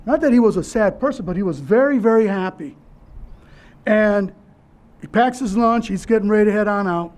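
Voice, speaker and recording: A man giving a personal memorial speech as keynote speaker, telling his story in an earnest, halting way with restarts. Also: high voice, darkish tone.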